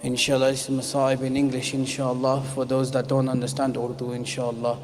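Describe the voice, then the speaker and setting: A man preaching a mournful sermon, chanting and singing the lines and rising to shouts. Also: medium pitch, completely flat delivery, fairly quick, slight background noise. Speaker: preacher reciting a lament. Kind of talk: sung, mournful sermon recitation. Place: mosque hall. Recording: long mosque hall reverb.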